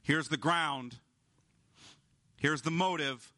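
A male pastor preaching an emphatic sermon, slowing down to stress key words. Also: mid-range voice, sharp tone.

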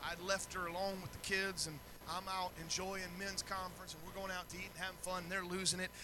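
A middle-aged male pastor preaching a sermon in a church, moving from quiet storytelling to shouted preaching. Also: high-pitched, flat delivery, fast, noisy background.

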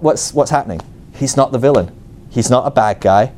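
A man's voice: mid-range voice, lively intonation, normal speed, a little mellow, a little hiss or hum. A man teaching at a ministry school, telling a story from his own life in a sermon. His talk is full of "like" and "right?", and he acts out his own angry thoughts with self-mocking humor. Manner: many fillers like "like" and "right?".

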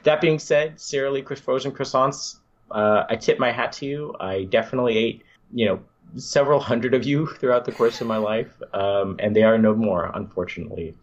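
A man's voice: medium pitch, moderate pace, dull audio. A man hosting a podcast, chatting casually and enthusiastically with some rambling restarts. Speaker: podcast host.

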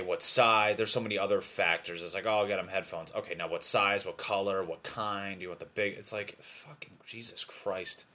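A man's voice: deep voice, pushed and bright. A young man talking alone in a casual, rambling monologue, swearing a lot and restarting his sentences often. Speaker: podcaster.

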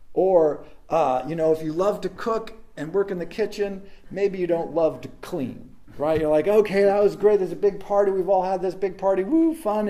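A man giving a casual reflective talk, telling stories and acting out quoted voices with animation. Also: high voice. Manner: animated storytelling, acts out quotes.

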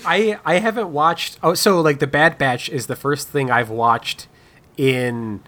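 A man's voice: fairly high pitch, a little slow, fairly bright tone. A man in a casual chat with friends who stammers and restarts his sentences often.

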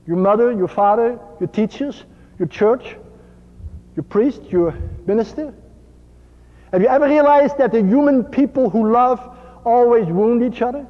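A man giving a slow, earnest sermon as a priest, dropping to a soft hush on key phrases. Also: very high-pitched. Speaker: priest and spiritual speaker. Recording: dull lo-fi archive recording in a reverberant hall.

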